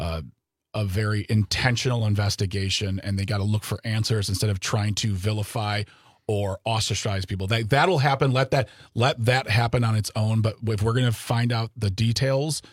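A low-voiced man talks earnestly about politics on a podcast, often rambling and restarting his sentences. The recording is dry and close. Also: no echo. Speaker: podcast co-host. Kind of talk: political discussion.

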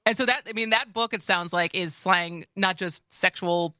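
A woman with a Wisconsin accent co-hosts a radio talk show, chatting loosely and laughing often. Her voice is bright and forward, recorded dry and close in a studio. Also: fairly low pitch, normal speed, no echo. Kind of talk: casual radio chat. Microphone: studio microphone.

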